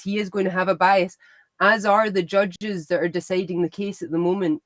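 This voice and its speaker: A woman's voice: lowish voice, fairly even intonation, normal speed, dry recording. Emphatic woman. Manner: emphatic and opinionated. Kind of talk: casual political discussion.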